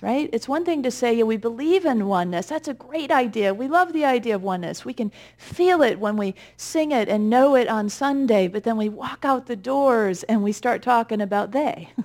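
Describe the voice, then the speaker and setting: A woman minister giving a conversational, gently humorous sermon with reflective pauses. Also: on the high side.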